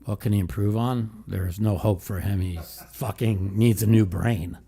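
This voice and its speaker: A man's voice: on the low side, steady tone, normal speed, creaky, mellow. Blunt, profane male call-in host. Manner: blunt, profane, laughs often. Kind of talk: casual call-in talk.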